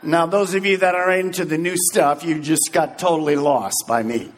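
A male pastor preaching a sermon in an animated, joking manner, acting out scenes as he goes. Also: on the high side, moderate pace, long reverb tail.

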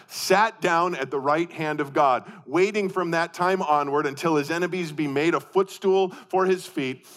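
A man preaching a sermon, asking rhetorical questions and swinging from forceful emphasis to hushed intensity, often repeating and restarting his phrases. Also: on the high side. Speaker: pastor.

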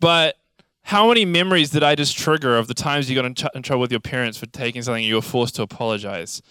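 A young man preaching a sermon, telling childhood stories in a lively, animated way. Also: medium pitch, fast talker, clear, resonant tone, dry recording, studio quality. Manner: animated storytelling, acts out childhood scenes. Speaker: pastor.

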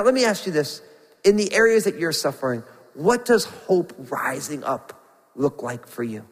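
A man preaching a sermon with passion, his voice climbing as he reads Scripture and dropping soft for questions to the congregation. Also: high-pitched, big-room sound, poor audio. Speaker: pastor.

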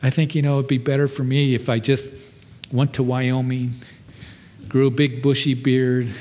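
A man's voice: medium pitch, a little mellow. A man preaching as a pastor, telling a story in a conversational, self-deprecating way with many fillers. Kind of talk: sermon. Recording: long hall reverb.

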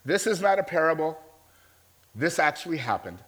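A man's voice: a little high, sing-song, moderate pace, a bit bright. A man preaching a sermon as a pastor, in a conversational storytelling manner that keeps checking in with his listeners.

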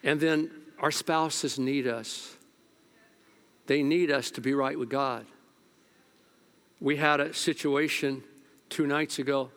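Delivering a sermon as pastor, an older man moves from loud urging to quiet storytelling, speaking colloquially and with animation, and repeats words as his excitement builds. His mid-range voice is clear and resonant.

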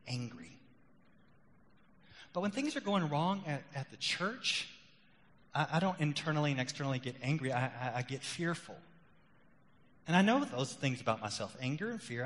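A middle-aged male pastor preaching a sermon, rising loud and emphatic on key points, then dropping quiet and confessional. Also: fairly high pitch. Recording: long hall reverb.

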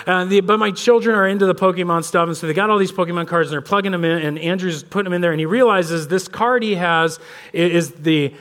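In a church sanctuary, a pastor in his thirties delivers a sermon in a high, fast voice. He tells loose, conversational stories about his kids, giving them animated voices.

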